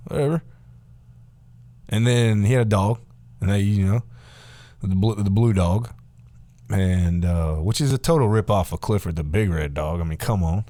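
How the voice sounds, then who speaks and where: A man's voice: lowish voice, dark tone, no room sound. A man in his forties ranting casually to camera, rambling, sarcastic and profane. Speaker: vlogger.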